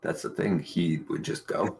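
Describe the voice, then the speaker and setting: A man talking casually about his tabletop game character, thoughtful and halting, with many restarts. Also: low-pitched, vocal fry, darkish tone, a little hiss or hum, poor audio. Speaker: tabletop game player on a talk show.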